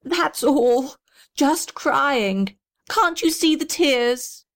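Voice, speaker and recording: A woman's voice: high-pitched, lively intonation, drawn-out words, pitched above the performer's own voice, heavily acted. A woman voicing a lonely little house, wailing and self-pitying. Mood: sobbing.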